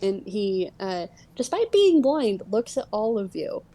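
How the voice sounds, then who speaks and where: Woman gm narrating a tabletop game, slow and hesitant, lots of uhs, mellow tone. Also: mid-range voice, very animated. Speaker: game master.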